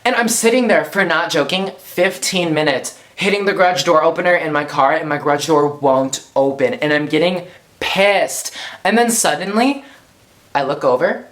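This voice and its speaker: A man's voice: a little high, normal speed, a bit bright. Chatty young man telling a story. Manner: chatty, slangy, heavy on "like" fillers. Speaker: YouTuber. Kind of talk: casual storytime vlog. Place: at home.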